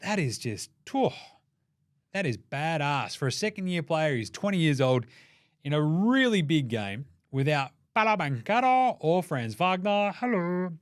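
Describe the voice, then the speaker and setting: A man with an Australian accent hosting a sports show, excitable and sweary, cracking jokes. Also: a little high, unhurried. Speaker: podcast host. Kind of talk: energetic sports commentary.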